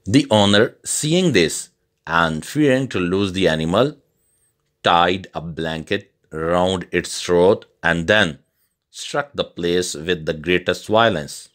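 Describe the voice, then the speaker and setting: Slow, deep-voiced male narrator. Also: a bit bright. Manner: slow, deliberate. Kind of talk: scripted story narration for English learners.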